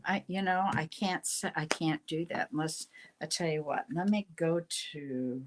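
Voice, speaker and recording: A woman's voice: deep voice, normal speed, a little hiss or hum. An older woman hosting a casual live tarot reading, chatty and rambling, often breaking off mid-sentence. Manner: chatty, rambling, self-interrupting. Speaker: tarot reader, show host.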